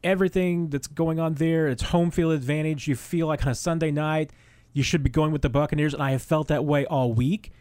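Guest guy on sports radio, kinda high voice, makes his points hard, dry sound. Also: steady tone, brisk, a little mellow, smooth, no room sound. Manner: opinionated, emphatic. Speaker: team beat writer guest.

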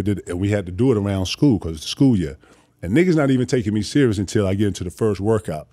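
A man tells a story in a casual, lively way, cursing freely and slipping into other people's voices. His voice sits low and sounds mellow and warm. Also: quick pace. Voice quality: animated, profane, acts out voices. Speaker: guest storyteller.

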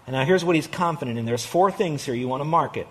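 A man preaching a sermon as pastor, earnestly acting out prayers and dropping between loud and hushed delivery. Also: fairly high pitch, fast talker, slightly rough.

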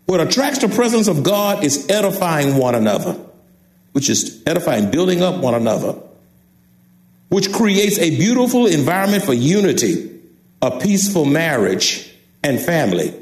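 An older man with a Texan accent preaches a sermon, repeating his key phrases and calling out to the congregation. His voice sits high for a man. The sound rings around an echoey church sanctuary. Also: very animated, moderate pace. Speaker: pastor.

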